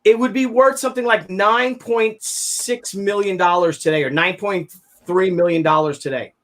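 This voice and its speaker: A man with a high voice hosts a casual chat show. He tells stories in a slangy, excitable way and acts out every person he mentions. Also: normal speed. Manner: animated, acts out the people in his stories. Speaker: show host.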